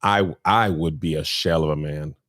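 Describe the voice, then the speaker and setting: A man's voice: very deep voice, moderate pace. A man in his thirties hosting a casual, comedic podcast chat, joking and laughing often. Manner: animated, jokey, laughs often. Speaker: podcast host.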